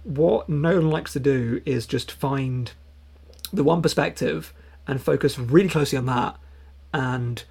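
Gravelly husky guy on a podcast, kinda halting, repeats himself a lot talking movies. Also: medium pitch, a little mellow. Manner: halting, repeats words, quick asides. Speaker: podcast co-host. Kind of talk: casual film chat.

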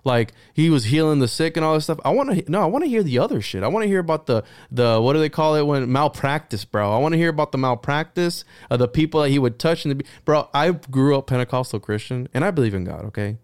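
A man chatting on a podcast, telling stories in a rambling, profane, animated way. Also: a little high, quick pace, few pauses, smooth, dry recording, clean studio sound. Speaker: podcast guest. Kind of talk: casual podcast chat.

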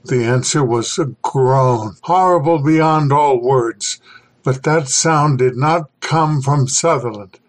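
A man reading a horror story aloud as the podcast host, slow and deliberate. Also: mid-range voice, rough recording. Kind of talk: scripted horror narration.

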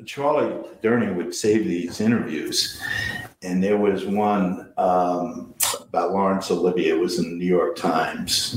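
An older man, a stage actor and playwright, telling rambling anecdotes in a casual interview. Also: sits low. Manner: rambling storyteller, frequent restarts. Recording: roomy recording with faint noise.

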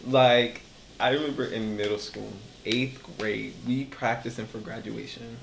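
Expressive young man, echoey room. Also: medium pitch, unhurried, creaky. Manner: expressive, dramatic storytelling with laughs. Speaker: podcast co-host. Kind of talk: casual chat. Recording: echoey room with faint noise.

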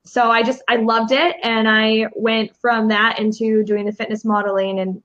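A woman's voice: on the high side, little pitch movement, normal speed, fairly bright tone, muffled recording. A woman from Chicago, a guest on an interview show, telling her story in an upbeat way. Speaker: guest, confidence mentor. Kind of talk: casual interview chat.

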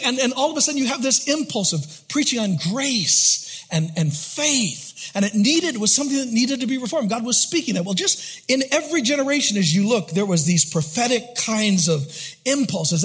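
Husky preacher, high and dramatic. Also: male voice. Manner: dramatic preaching that drops to a hushed whisper. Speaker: pastor. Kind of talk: sermon.

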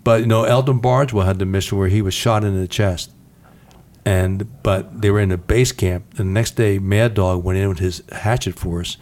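A man with a fairly low voice runs the interview. He offers brief supportive replies and fills in background facts in a relaxed, conversational way. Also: normal speed. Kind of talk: interview, casual.

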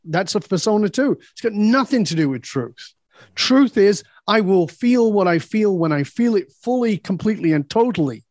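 A man's voice: high voice, expressive, moderate pace, darkish tone, dry recording, studio quality. A man guest on a podcast, telling personal stories in a blunt, emphatic way and swearing freely. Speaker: podcast guest, leadership speaker. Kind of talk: candid personal storytelling.

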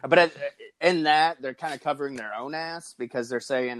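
A male podcast co-host talking in an easygoing, unhurried way. He rambles and restarts his sentences as he thinks aloud. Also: medium pitch. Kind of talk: casual chat.

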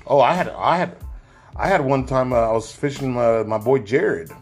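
A man's voice: mid-range voice, normal speed, husky, soft background music. A man in his thirties co-hosting a casual chat show, telling stories with lots of swearing and acted-out voices. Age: 30s. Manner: animated, swears freely, acts out voices in stories. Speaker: podcast co-host.

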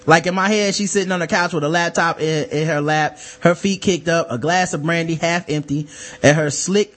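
A man with a high-pitched voice co-hosts a casual podcast. He talks loose and profane, reads listener mail aloud, and acts out the voices of the people he quotes. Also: moderate pace, a bit bright. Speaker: podcast co-host. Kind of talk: casual chat.

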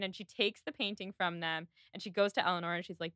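A woman's voice: medium pitch, animated, a little fast, hardly any pauses, bright, forceful tone, no room sound, studio quality. A woman hosting a podcast, chatting casually as she retells film scenes with lots of "like". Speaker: podcast host. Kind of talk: casual chat recapping a film.

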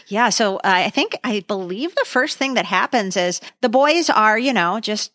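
A middle-aged woman hosting a casual podcast chat, a lively storyteller who acts out what people said. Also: mid-range voice, moderate pace, no room sound, studio quality. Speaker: podcast host.

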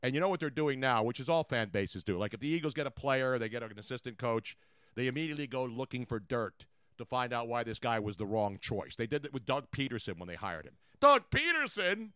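A man hosting a sports talk show, excitable and chatty, repeating his points for effect. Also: fast, clean tone, dry recording, clean studio sound. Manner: excitable, repeats points, jumps in pitch and volume. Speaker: sports radio host.

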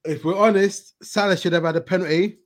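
Guy hosting a footy chat, bit higher voice, loud and worked up, lots of bro. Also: fairly quick. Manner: animated, exclamatory, slangy. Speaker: podcast host reading viewer comments. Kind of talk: casual football chat.

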